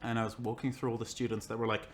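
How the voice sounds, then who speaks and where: A man's voice: mid-range voice, very fast. Young man telling a story, full of fillers. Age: young adult. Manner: animated, acts out quoted voices, many "like" fillers. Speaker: guest. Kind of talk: casual conversational storytelling.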